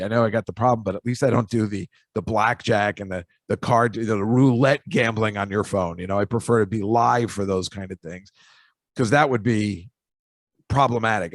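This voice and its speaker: A man hosting a podcast, rambling through stories with jokey asides and a chatty, offhand delivery. His voice sits at an ordinary middle pitch. It is recorded close and dry, with no room sound. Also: dry recording. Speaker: podcast host. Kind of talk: casual storytelling monologue.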